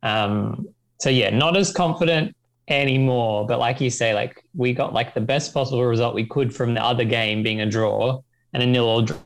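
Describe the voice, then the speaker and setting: Measured Australian podcast co-host, man. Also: medium pitch, steady tone. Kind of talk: casual sports podcast chat.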